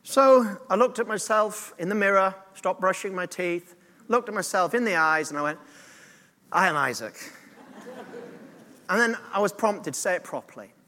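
A man's voice: high-pitched, normal speed, sharp tone, big-room sound. A man preaching a sermon as pastor, earnest and direct, drawing the congregation into call-and-response.

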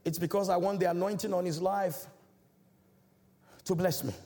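A man with a dark tone and fairly even intonation speaks at a normal speed. He is an African church elder delivering a sermon in a large church, his preaching emphatic and declamatory with big swells in pitch.

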